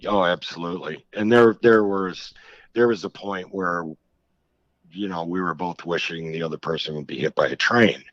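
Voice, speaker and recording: Deep-voiced middle-aged man, slow frank interview talk, dull lo-fi sound. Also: fairly bright tone, no echo. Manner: frank, reflective, halting with restarts. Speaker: author guest. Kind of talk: candid interview conversation. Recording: slightly dull lo-fi audio.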